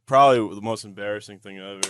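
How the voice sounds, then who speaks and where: A man's voice: lowish voice, fast, slight background noise. A young man co-hosting a podcast, telling a story in a rambling way full of fillers. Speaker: podcast co-host. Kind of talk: casual storytelling.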